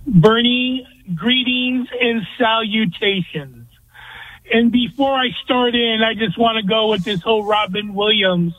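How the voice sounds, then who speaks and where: A man's voice: high-pitched, measured pace, no room sound. A man calling in to a sports talk radio show, giving blunt, opinionated rants. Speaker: caller. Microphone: phone. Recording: dry tinny phone line.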